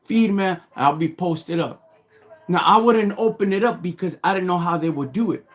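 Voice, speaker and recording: The host of a live stream, a man with a high-pitched voice at normal speed, shares a story from his own past. Street slang dominates, and he grows fired up and loud while retelling it.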